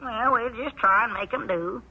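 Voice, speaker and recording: An actor playing an excitable, slow-witted country storekeeper and deputy, drawling and easily riled, in a 1930s radio comedy on a muffled recording. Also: male voice, extremely high pitch, husky, heavily acted. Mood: grumbling flustered.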